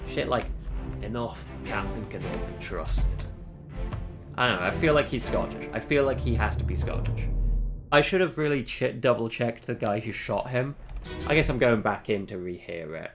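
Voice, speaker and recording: A man's voice: medium pitch, lively intonation, brisk, over music. A man streaming a game, who talks to himself in a casual, rambling way and often corrects himself. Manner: thinks aloud, rambling and self-correcting. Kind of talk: casual gameplay commentary.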